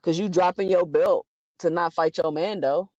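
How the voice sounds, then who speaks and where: Her voice sits on the low side as she gives emphatic, opinionated boxing commentary full of rhetorical questions and quick restarts. It's an animated delivery, captured in a dull, lo-fi recording with no echo.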